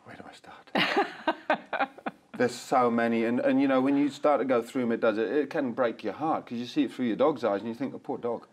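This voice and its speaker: A middle-aged man, a dog behaviour expert, talking as a guest in a casual interview. He is animated, acts out examples and laughs often. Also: medium pitch, fairly quick.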